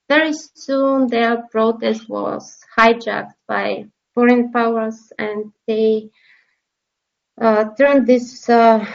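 Woman journalist, slow and halting, gravelly voice, kinda dull lo-fi sound. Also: fairly high pitch. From Bulgaria. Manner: halting, many fillers and repeated words. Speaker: journalist, interview guest. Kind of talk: emotional interview testimony.

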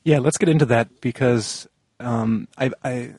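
A man hosts an interview, putting his questions in a conversational, halting, loosely phrased way. His voice sits at a middle pitch. The recording is close and dry, with no room sound. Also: a little mellow, slightly rough, dry recording. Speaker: podcast host.

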